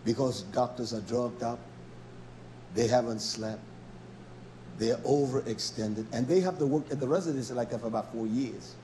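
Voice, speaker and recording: A male preacher giving a sermon, swinging between quiet asides and shouting, with repeated rhetorical questions to the congregation. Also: medium pitch, moderate pace, slight background noise.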